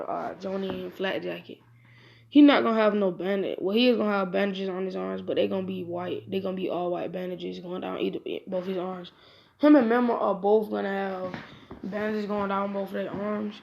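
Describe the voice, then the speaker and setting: Gravelly woman retelling a fan story. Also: mid-range voice, steady tone, brisk, darkish tone. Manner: rambling, with many restarts and self-corrections.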